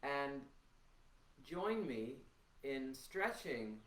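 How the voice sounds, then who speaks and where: A man leading a guided voice warmup as a voice teacher, giving slow, soothing instructions with long pauses, recorded in a room at home. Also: mid-range voice. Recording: roomy sound from a distance.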